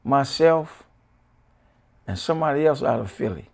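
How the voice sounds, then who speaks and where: A middle-aged man with a Washington DC accent, telling an animated story in casual chat, stumbling over repeated words and acting out quoted voices. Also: mid-range voice, normal speed, vocal fry. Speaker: guest.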